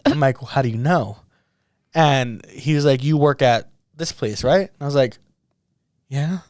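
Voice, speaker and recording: A young man co-hosting a podcast, telling a story in a relaxed way and often dropping to a soft, low voice. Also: unhurried, dry recording, studio quality. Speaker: podcast co-host. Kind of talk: casual chat.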